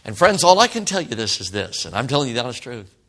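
A man in his sixties, a pastor telling a story in a sermon, swinging from loud outbursts to hushed whispers. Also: mid-range voice, big pitch swings, quick pace. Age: 60s.

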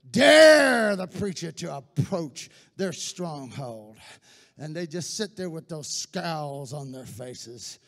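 A man, a pastor giving an impassioned sermon that swells into shouting. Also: a little high, gravelly, in a large hall.

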